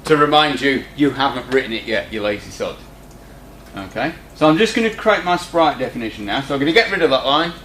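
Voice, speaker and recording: This man's voice is medium in pitch, bright and pushed, expressive, and fairly quick. He's giving a coding lesson in a classroom, keeping it casual and throwing teasing remarks at his students, captured as a screen-recorded tutorial. Faint background hum and room echo are audible.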